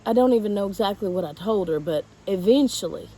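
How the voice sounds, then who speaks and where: Woman vlogging her own hard story, warm soft tone, stops and restarts a lot, bit of faint hiss. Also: mid-range voice, lively intonation, rough recording. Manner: emotional, halting, with restarts. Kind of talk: personal storytelling to camera.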